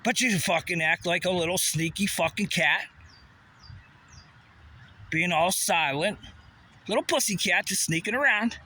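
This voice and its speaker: Bright, rambling, profane man. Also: sits high, measured pace, long pauses, a little hiss or hum. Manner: profane, rambling, conspiratorial, asks himself questions. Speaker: vlogger. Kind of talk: rambling monologue.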